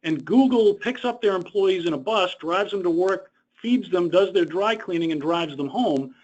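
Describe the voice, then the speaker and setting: A man's voice: sits high, normal speed, darkish tone. A man presenting a webinar lecture in a conversational way, explaining rules through personal stories. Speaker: presenter on government contract costs. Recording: dull lo-fi webinar audio.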